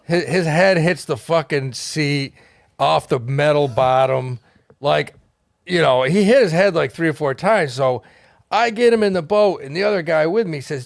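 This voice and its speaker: Male podcast guest spinning a wild profane yarn, a bit high-pitched, dry studio sound. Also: normal speed, creaky, dry recording. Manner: animated, profane, laughs through his story. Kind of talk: casual storytelling. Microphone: studio mic.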